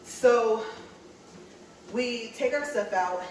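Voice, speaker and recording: A woman's voice: fairly high pitch, extremely slow, darkish tone, a little hiss or hum. A woman from California, chatting to viewers and laughing often as she tells a story while walking on a treadmill. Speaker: vlogger. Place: indoor room with a treadmill. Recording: echoey room, mic set far off.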